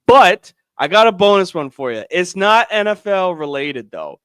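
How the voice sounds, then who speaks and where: A man co-hosting a casual sports podcast, animated and often exasperated. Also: high-pitched, normal speed, clear, resonant tone, no room sound, clean studio sound. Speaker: podcast co-host.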